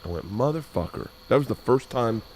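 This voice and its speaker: A man's voice: mid-range voice, brisk, a little hiss or hum. A man in his forties hosting a podcast, chatting casually, laughing and swearing as he tells stories. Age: 40s. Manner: loud, swearing, laughing storyteller. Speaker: podcast host. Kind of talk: casual chat.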